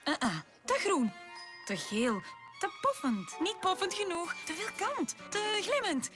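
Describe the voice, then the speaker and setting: A woman's voice: very high voice, huge pitch swings, unhurried, exaggerated voice. A woman voicing a prim, fashion-loving female unicorn in a cartoon dub, with refined diction, over music. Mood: haughty.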